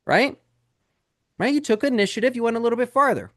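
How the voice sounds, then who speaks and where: Man, high pitch, very expressive, webinar trainer, dry close sound. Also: fast talker, no echo. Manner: lively and conversational, firing rhetorical questions at the audience; addresses listeners directly as "guys". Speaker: real estate sales trainer. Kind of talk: live webinar teaching.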